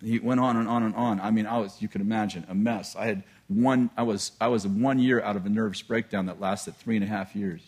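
A male preacher telling a personal story in a sermon, animated and self-deprecating, often laughing at himself. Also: lowish voice, fairly quick, hardly any pauses, breathy edge.

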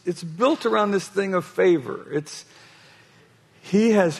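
A man preaching a sermon, with a husky voice, often restarting phrases and telling an animated story. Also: high-pitched.

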